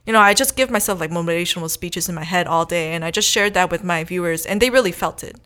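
A woman's voice: lowish voice, fast talker, pushed and bright. A young woman talking as a guest on a casual podcast, chatty and upbeat, with many "you know"s and "like"s. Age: young adult. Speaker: guest, competitive eater and food creator.

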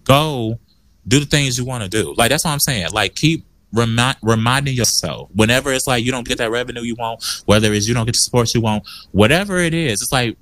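A man hosting a podcast in casual chat, talking in an animated, emphatic pep-talk way. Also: a little fast. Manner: animated, emphatic, pep-talk delivery with big pitch swings. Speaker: podcast host.

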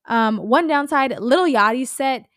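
Woman podcast host, slightly high voice, loose profane storytelling, solo casual chat. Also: unhurried, no echo, studio quality. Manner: animated, swears a lot, rambling storytelling.

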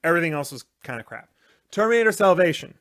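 A man co-hosting a live show, chatting casually with his co-host. He rambles and leans on filler words. His voice sits a little on the high side. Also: very animated, quick pace, fairly bright tone. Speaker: podcast co-host. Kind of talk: casual chat.

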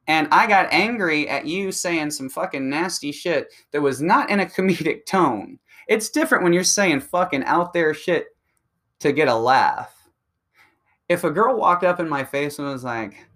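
A man's voice: on the high side, lively intonation, moderate pace, a bit bright. A man delivering a profane, combative ranting monologue that speeds up when he gets heated. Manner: crude, combative, and provocative.

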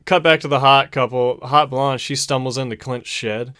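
Young man recapping a movie, crude and excited. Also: medium pitch, normal speed, clear, resonant tone, no room sound, clean studio sound. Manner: excitable, profane storytelling, says "dude" a lot. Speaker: podcast host. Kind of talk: casual movie recap chat.

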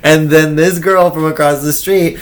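A man's voice: a little high, normal speed. A man co-hosting a podcast, telling a story in a casual chat, laughing often and acting out the voices of people in it. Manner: animated, laughing, acts out quotes.

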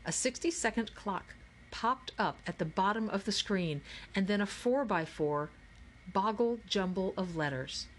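A woman narrating a children's novel as an audiobook, in a clear, even storytelling manner. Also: medium pitch, measured pace, slight background noise. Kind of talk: scripted narration.

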